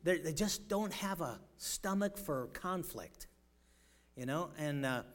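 A male pastor preaching a sermon in a slightly higher voice than most men. He rambles with fillers and restarts. He moves from loud, emphatic bursts to quiet storytelling. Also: lively intonation, slow pace.

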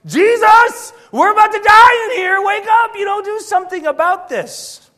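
A man shouting as a panicked disciple. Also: very high voice, moderate pace, voice pushed up. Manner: shouting frantically. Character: panicked male disciple in a storm.

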